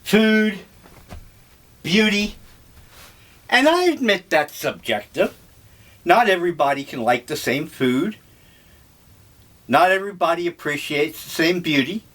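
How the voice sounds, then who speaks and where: An older man talking over breakfast in a slow, musing, rambling monologue. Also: high voice, expressive, a bit bright. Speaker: vlogger.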